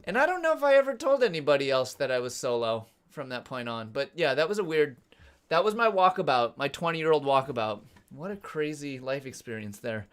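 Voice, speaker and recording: A man's voice: fairly high pitch, very animated, brisk, clear, resonant tone. A man in his forties hosting a casual live stream, telling rambling, profane travel stories between chat messages. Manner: rambling, profane storytelling while reading chat. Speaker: cycling channel host.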